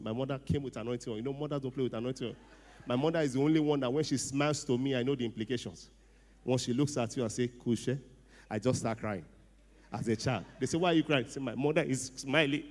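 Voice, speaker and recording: A middle-aged man with a Nigerian accent tells a funny story at a ceremony, animated and often laughing, dropping to a hushed voice for quoted lines. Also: medium pitch. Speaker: speaker at a ceremony. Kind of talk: humorous storytelling speech. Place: event hall. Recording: long hall reverb.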